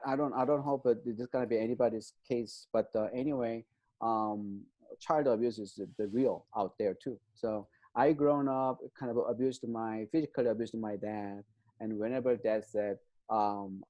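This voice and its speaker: A man's voice: lowish voice, mellow. A man explaining trauma as an interview guest, in non-native English phrasing, with many fillers and frequent "right?" check-ins.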